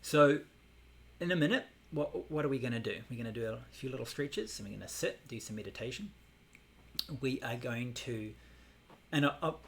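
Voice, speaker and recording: A man teaching a Buddhist meditation class, explaining in a relaxed way with many fillers. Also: mid-range voice, gravelly, a little hiss or hum.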